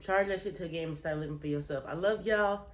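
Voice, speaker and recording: A woman vlogger whose voice sits low talks fast, in a roomy-sounding setting. Her message to viewers is blunt, profane and heartfelt, emphatic with repeated phrases, and she is earnest and holding back tears.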